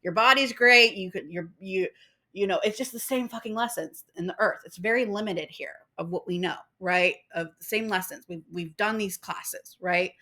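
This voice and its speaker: A young woman with a mid-range, bright, pushed voice rants casually to camera at a normal pace about spiritual ideas. A spiritual vlogger, she gets fired up, swears a lot, and acts out other people's voices.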